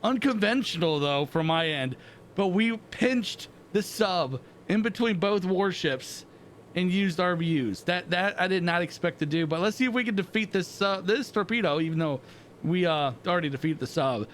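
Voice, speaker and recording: An excitable man talking through his own gameplay, his voice sitting fairly high for a man. He reacts out loud as things happen on screen, in a loose, casual way. A faint ambient hum sits behind him. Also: normal speed. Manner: excitable, reacting aloud while playing. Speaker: gaming channel host. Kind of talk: casual game commentary.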